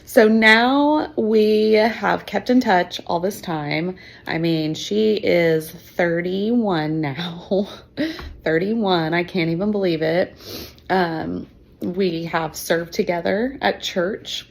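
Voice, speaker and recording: A woman's voice: lowish voice, takes it slowly, creaky. A woman in her fifties, a teacher, telling her own adoption story in an emotional, chatty way with fillers and laughs. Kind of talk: personal storytelling.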